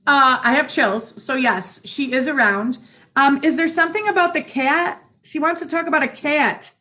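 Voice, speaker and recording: A high-pitched, middle-aged woman talks as a guest on an interview show. She tells stories in a chatty way, full of fillers, and laughs easily. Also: normal speed, bright, forceful tone. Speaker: psychic medium guest. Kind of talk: casual interview chat.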